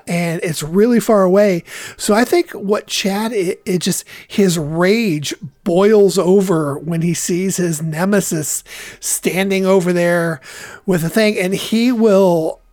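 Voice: medium pitch, slow, no echo. A player in a tabletop game describing their character's actions, hesitant and full of fillers. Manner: animated, hesitant with many fillers.

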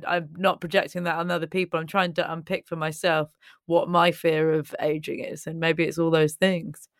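A podcast host talks reflectively in casual conversation, often pausing and restarting as they search for words. Their mid-range voice sounds dry and close. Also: medium pitch, clear, resonant tone, no room sound.

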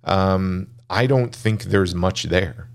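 A man's voice: low-pitched, takes it slowly, creaky. A man in a casual film discussion, skeptical and critical as he pushes back on points.

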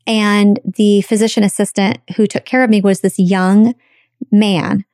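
A woman telling a personal story in a chatty, animated way, acting out the voices of people she quotes. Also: medium pitch, unhurried, dry recording, studio quality.

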